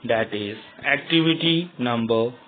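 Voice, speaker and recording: A man's voice: mid-range voice, a little slow, slight background noise. A male teacher giving a grammar lesson to young students, spelling words out letter by letter. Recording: tinny phone-like sound.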